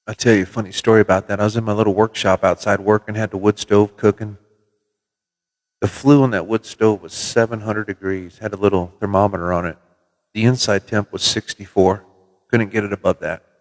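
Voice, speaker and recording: A middle-aged man from Minnesota hosting a casual livestream from his CB radio shop, telling relaxed folksy stories with mild swearing. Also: lowish voice, a little fast, big-room sound. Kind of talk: casual livestream chat with viewers. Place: CB radio shop in New Mexico.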